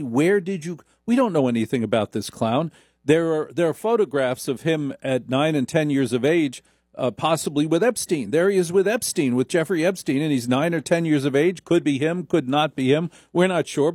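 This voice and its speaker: A man's voice: a little high, a little mellow, no room sound, studio quality. A middle-aged man hosting a late-night radio talk show, brash and sarcastic, getting riled up as he talks.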